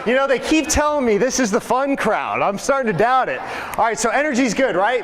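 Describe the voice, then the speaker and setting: A man's voice: extremely high pitch, big pitch swings, brisk, noisy background. A man giving a live seminar talk as a real estate coach, joking with and rallying his audience. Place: large seminar room. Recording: long hall reverb.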